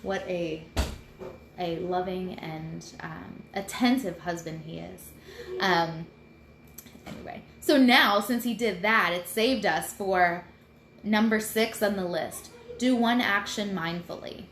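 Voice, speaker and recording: A woman's voice: on the low side, slow, a bit bright. A woman in her thirties talking casually on a live home video, chatty and rambling as she shares tips. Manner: chatty and rambling, self-deprecating. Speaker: host sharing mindfulness tips. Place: room at home. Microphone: computer mic. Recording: roomy echo, faint room noise.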